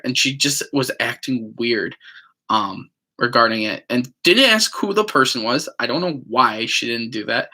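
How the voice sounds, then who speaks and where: A man's voice: medium pitch, lively intonation, moderate pace, sharp tone. A man telling a personal story in casual, rambling talk, full of fillers, now and then acting out what others said. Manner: rambling, many fillers, acts out quotes. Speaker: vlogger.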